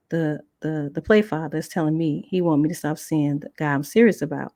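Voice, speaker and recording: A woman's voice: a little fast, hardly any pauses, no echo. A woman hosting a podcast who tells a personal story in a casual, colloquial way and acts out the other people in it. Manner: animated, acts out quotes with big pitch jumps; conversational, colloquial, with restarts. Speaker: podcast host.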